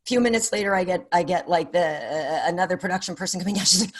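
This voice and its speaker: A middle-aged woman, a sports TV host, chatting as a podcast guest and telling animated stories with many fillers and restarts. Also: on the low side, fast, few pauses. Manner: animated storyteller, many fillers and self-corrections. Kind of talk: casual interview chat.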